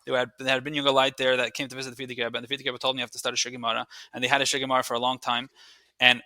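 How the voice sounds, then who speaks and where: A man's voice: mid-range voice, level tone, racing, sharp tone, dry recording. A man telling history as a podcast guest, eager and restarting often, mixing in Yiddish and Hebrew terms. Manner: eager, with frequent restarts and repeated words. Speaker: guest, researcher and writer. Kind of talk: storytelling history in conversation.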